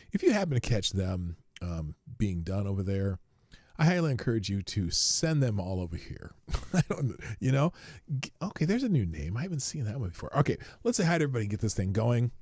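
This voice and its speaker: A man hosting his own livestream show, rambling casually from a home studio, talking softly and laughing at his own asides. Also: fairly low pitch, wildly swooping pitch, brisk, no room sound.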